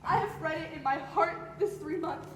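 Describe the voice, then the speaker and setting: A teenage girl playing a humble, remorseful Puritan wife pleading with her husband in a high school stage play. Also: normal speed, over music. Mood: tender. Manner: pleading, tearful. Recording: echoey hall from far off, noisy phone.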